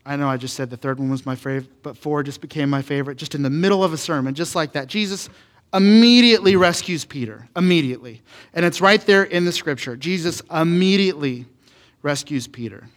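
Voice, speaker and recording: A male pastor in his thirties preaches in a relaxed, conversational way. He piles up rhetorical questions and repeats words as he builds a point. His voice sits fairly high for a man. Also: brisk. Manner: animated and repetitive, full of rhetorical questions. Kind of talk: conversational sermon.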